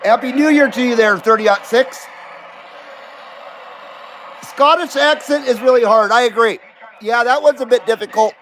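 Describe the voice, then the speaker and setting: A middle-aged man with a notably high speaking voice hosts a live CB radio stream from his home station. He keeps the chat casual, bantering and joking with whoever comes through. A faint hiss sits under his voice. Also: moderate pace, long pauses, fairly bright tone.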